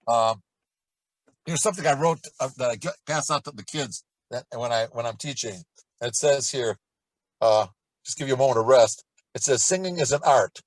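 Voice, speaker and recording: During a vocal warm-up lesson, a middle-aged man coaches in a relaxed, chatty way, breaking into loud sung shouts and quacks to demonstrate the exercises. His voice is mid-range, and the audio is poor but free of echo.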